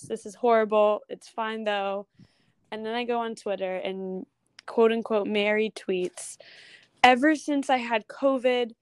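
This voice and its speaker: A young woman, a guest photographer, talking casually in an interview, chatty with quick asides and restarts. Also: medium pitch, clear, resonant tone, dry recording.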